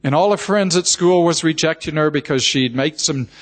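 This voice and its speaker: In a reverberant hall, an older man with a voice on the high side speaks at normal speed. His sermon centers on an emotional family story, told with heartfelt repetition.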